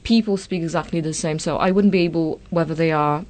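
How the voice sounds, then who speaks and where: Woman, slightly low voice. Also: fairly quick, a little mellow. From Poland. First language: Polish. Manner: thoughtful, talks at length with frequent restarts. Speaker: guest. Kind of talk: casual chat.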